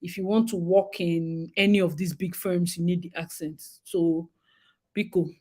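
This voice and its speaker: A young woman with a Nigerian accent, hosting a casual talk and chatting in a lively way with bits of Pidgin. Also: lowish voice, moderate pace. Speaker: host. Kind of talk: casual monologue.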